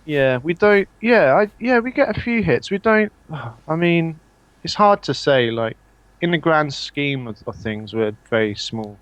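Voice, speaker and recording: A man's voice: fairly high pitch, animated, unhurried, a bit bright, no room sound. Guy from jersey joking about himself, lots of ums and laughs, dry close sound. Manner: hesitant, laughing, self-mocking. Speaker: podcaster guest. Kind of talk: casual chat. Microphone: earphones with mic.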